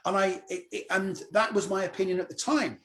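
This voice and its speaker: A middle-aged comedian, speaking a touch higher than most men. He tells his story casually and with animation, slipping into voices as he acts out what others said. The talk is loose and anecdotal, as a guest on an interview. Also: fairly even intonation, a little fast, fairly bright tone. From Cornwall, England. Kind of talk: conversational anecdote.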